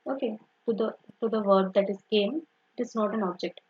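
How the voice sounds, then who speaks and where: Husky-voiced woman teaching grammar. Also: medium pitch, steady tone, a little fast, muffled recording. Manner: explains step by step, often saying "simple" and "okay". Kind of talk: online grammar lesson.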